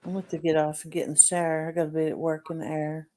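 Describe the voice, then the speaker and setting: A woman co-streaming in casual chat, goofy and quick to joke and laugh. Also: deep voice, little pitch movement, warm tone, slight background noise.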